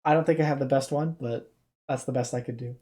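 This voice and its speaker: Mellow, tired-sounding streamer, hesitant casual commentary, mid pitch. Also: fairly even intonation, quick pace. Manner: low-energy, hesitant, many restarts. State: subdued and tired. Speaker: reaction streamer.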